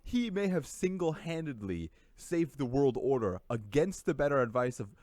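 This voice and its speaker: A man in casual podcast talk, blunt and full of swearing, who grows louder and more heated when he argues. His voice sits in a middle register, recorded close and dry in a room at home. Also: mid-range voice, animated, normal speed, no echo. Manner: blunt, profane, heats up when ranting. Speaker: podcast co-host.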